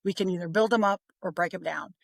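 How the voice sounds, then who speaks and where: A middle-aged woman talking about parenting on a podcast, chatty and expressive, sometimes acting out what others said. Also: lowish voice, fast talker, vocal fry, dry recording. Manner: chatty, expressive, acts out quoted voices. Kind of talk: casual podcast conversation.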